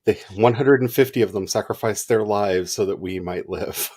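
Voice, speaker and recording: A man co-hosting a livestream in casual chat, animated and chatty, laughing often. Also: fairly low pitch, moderate pace. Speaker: livestream co-host.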